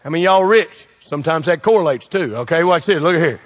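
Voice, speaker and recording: Pastor, man, lively joking preacher who quizzes the crowd, higher-pitched voice, long hall echo. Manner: preachy and joking, quick shifts in loudness, call-and-response questions. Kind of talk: sermon.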